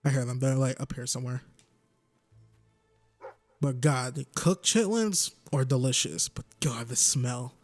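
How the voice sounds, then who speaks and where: A man's voice: medium pitch, measured pace, long pauses, darkish tone, soft background music. A man in his twenties rambling and joking as he commentates a video game. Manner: rambling, joking, talks to himself. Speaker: gaming YouTuber.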